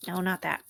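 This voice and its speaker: A woman playing a tabletop game, talking casually, thinking aloud and asking about the rules. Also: noisy background. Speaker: player.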